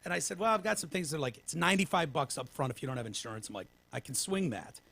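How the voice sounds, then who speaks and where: Still winded from pneumonia, this podcast host rambles through long stories on a casual show, cursing freely and starting over again and again. His gravelly, fairly bright voice sits on the high side, and he speaks quickly and animatedly.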